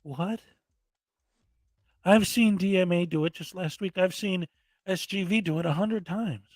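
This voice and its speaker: A man's voice: high voice, a little slow, darkish tone, no room sound. A man hosting a reaction commentary show, talking in an exasperated, mocking rant and often mimicking people angrily. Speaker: commentary host.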